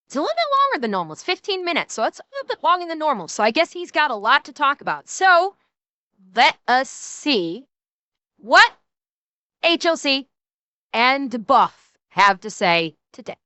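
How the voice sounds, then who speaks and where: A woman streamer giving casual, excitable reaction commentary, swearing and restarting her sentences. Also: high voice, normal speed, no echo.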